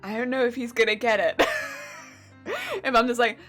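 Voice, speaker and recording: A woman with a weak voice that keeps cracking chats casually to her stream, giggling often. Her voice sits high and swoops up and down, breaking on quick pitch changes. Soft music plays faintly behind her. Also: expressive. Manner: giggly, chatty, laughs often. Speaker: craft streamer. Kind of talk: casual chat with live-stream chat. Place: home crafting stream setup.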